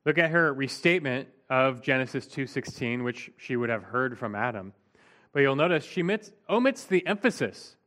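A man teaching through a scripture passage as a preacher, at an average pitch for a man. He talks conversationally and with emphasis, dropping in a casual "like" as he goes. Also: lively intonation, normal speed, pushed and bright. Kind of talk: expository Bible teaching.

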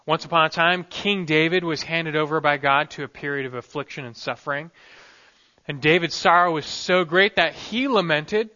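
Emphatic pastor with a bright voice. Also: male voice, fairly high pitch, normal speed, muffled recording. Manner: earnest, emphatic, dynamic delivery. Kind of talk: sermon.

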